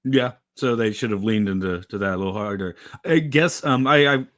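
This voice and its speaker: A man co-hosting a podcast, musing hesitantly about old animated films with many fillers. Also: fairly low pitch, normal speed, no echo, studio quality. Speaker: podcast co-host. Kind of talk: casual discussion.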